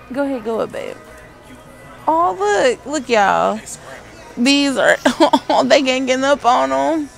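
A woman's voice: high-pitched, animated, extremely slow, vocal fry, long pauses, soft background music, a faint crowd. A woman filming a casual vlog in a pet store, cooing at puppies. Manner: cooing, baby-talk at puppies. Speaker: vlogger.

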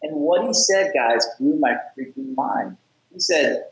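A man with a fairly high voice tells his story on a podcast with lots of energy, acting out the other people's lines and stumbling over repeated words. The room has a noticeable echo. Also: a little slow. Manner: energetic, acts out quoted dialogue, repeats words. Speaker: podcast guest, app founder. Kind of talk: casual interview storytelling.

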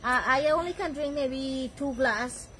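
A woman's voice: high-pitched, unhurried, crowd noise, poor audio. A woman with a Guyanese accent hosting a casual backyard food vlog, chatty and affectionate, often laughing and talking while she eats. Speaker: vlog host. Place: backyard outdoors at night.

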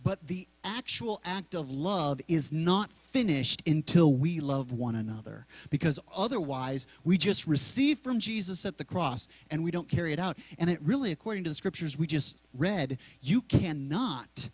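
A middle-aged male pastor preaching in a church sanctuary, talking conversationally and slowly repeating key words. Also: a little high, expressive, husky, no room sound, rough recording. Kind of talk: sermon.

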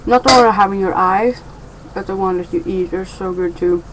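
A woman's voice: mid-range voice, a little fast, noisy background. A young woman chatting in a rambling, playful way in a casual daily vlog from home. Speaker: vlogger.

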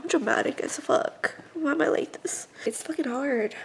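A young woman vlogging on a phone, rambling with crude jokes and giggles, at times soft and teary. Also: high-pitched, moderate pace, creaky, a little hiss or hum. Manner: soft, teary, half-whispered confiding. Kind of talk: casual vlog chat. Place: hotel room at night.

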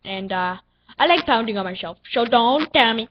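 Excitable high-voiced girl, lo-fi. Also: moderate pace. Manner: excitable, playful, silly sound effects. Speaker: gaming channel host. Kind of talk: casual gameplay commentary. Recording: dull lo-fi recording with faint noise.

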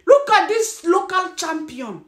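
High-voiced Nigerian woman ranting bluntly. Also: unhurried. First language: Birom. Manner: blunt, scolding, animated, laughs often. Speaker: commentary vlogger. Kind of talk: ranting commentary. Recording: echoey room.

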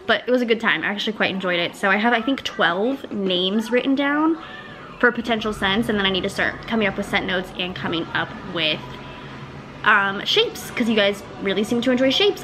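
A woman's voice: mid-range voice, noisy background. A young woman, chatting casually to camera about her small business, gushing and sometimes dropping to a whisper. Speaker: vlogger running a small wax melt business.

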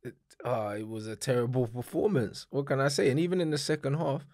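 A young man giving a calm, measured take on a football match in casual slang. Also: medium pitch, no echo, studio quality.

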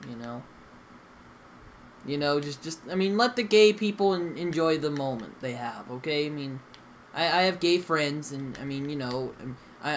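A man's voice: mid-range voice, fairly bright tone, a little hiss or hum. Rambling young man chatting over a game. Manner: rambling, hesitant, many fillers and restarts. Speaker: gaming channel host. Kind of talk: casual gaming chat with friends.

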